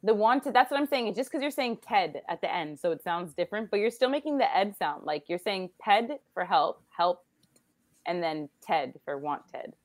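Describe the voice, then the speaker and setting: A woman with a North American accent tutors English over a video call. She sits at a middle pitch and explains things patiently in a loose, chatty way, full of "like". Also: lively intonation, normal speed. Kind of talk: casual online English lesson.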